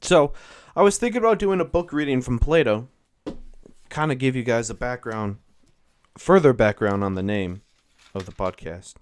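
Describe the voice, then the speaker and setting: A man hosts a solo podcast, chatting casually and rambling in an offhand way while cutting himself off mid-thought. His mid-range voice moves at a normal speed over slight background noise.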